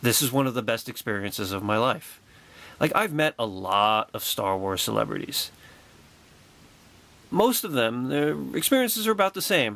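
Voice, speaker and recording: A man vlogging a personal anecdote with excitable, wry storytelling and a sarcastic edge. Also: mid-range voice, normal speed, vocal fry.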